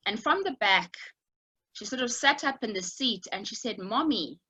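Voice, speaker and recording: A woman's voice: a little high, lively intonation, normal speed, sharp tone, husky, rough recording. A woman giving an online talk over a video call, telling a personal story in a reflective way with many small fillers.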